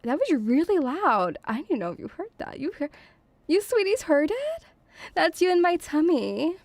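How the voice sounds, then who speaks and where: A woman's voice: very high-pitched, big pitch swings, normal speed, a little mellow, dry recording. A woman streaming as a VTuber, chatting in a playful, doting, rambling way. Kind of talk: casual debut stream chat. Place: home room, near pubs.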